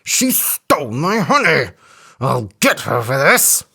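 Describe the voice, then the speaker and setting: A storyteller voicing a big, strong male elephant in a children's story, in a gruff, blustering manner with a changed tone. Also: medium pitch, sing-song, slow pace, bright, forceful tone, heavily acted. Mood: angry.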